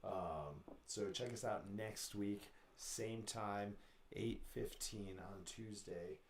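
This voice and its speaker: A man's voice: lowish voice, slow pace, echoey room, slight background noise. A man hosting a casual live show, a bit sick, wrapping up loosely with lots of fillers. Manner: loose, rambling sign-offs with many fillers. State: slightly sick voice. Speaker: show host. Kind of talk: casual live-stream chat.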